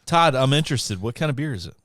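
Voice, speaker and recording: A man co-hosting a casual comedy podcast, cracking jokes. His pitch moves a lot from line to line. The voice sits in a middle register. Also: expressive, fast, fairly bright tone. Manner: joking, playful, throws in goofy lines. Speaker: podcast co-host.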